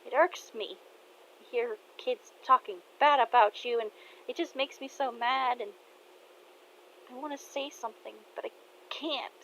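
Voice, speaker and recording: A woman's voice: on the high side, unhurried, pauses often, fairly bright tone, a little hiss or hum, voice pushed up, rough recording. A woman voicing an earnest, emotional young daughter who speaks with heartfelt pleading.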